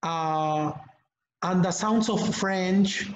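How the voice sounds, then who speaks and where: A man's voice: high voice, a little hiss or hum. Echoey man leading a teaching webinar. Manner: slow and deliberate, repeats words, calls on participants by name. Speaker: English teacher trainer, webinar host. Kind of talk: live online teacher-training webinar. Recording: echoey, slightly muffled webinar audio.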